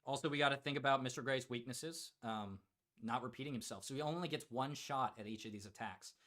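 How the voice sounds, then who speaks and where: A man's voice: medium pitch, a little fast, a bit bright. Joking male livestream host. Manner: joking, reads chat aloud, many fillers. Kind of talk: casual livestream chat.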